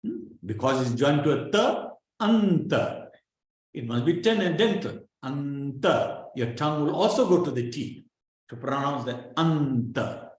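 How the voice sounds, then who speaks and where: A man's voice: medium pitch, expressive, moderate pace. A man teaching Sanskrit pronunciation in an online class, patiently drilling syllables and often checking in with his students. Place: online class over a video call. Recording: very echoey room sound.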